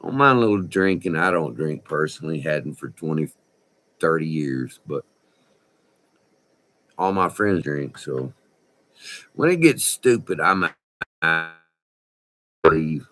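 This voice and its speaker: A man, telling a rambling, profane story in a folksy, animated way. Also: extremely low pitch, slow pace, long pauses. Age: 60s. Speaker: vlogger. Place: indoors by a window.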